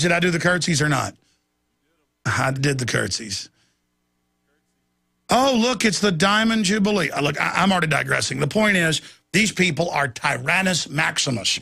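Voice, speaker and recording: Gravelly ranting male news host. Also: medium pitch, bright, forceful tone, no echo. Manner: ranting, indignant, digressive. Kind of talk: opinionated news commentary.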